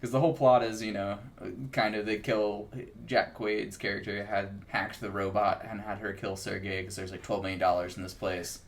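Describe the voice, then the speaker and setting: A man's voice: on the low side, level tone, normal speed, hardly any pauses. A man co-hosting a movie review, laid-back, recapping the plot and trading short replies. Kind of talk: casual movie review chat.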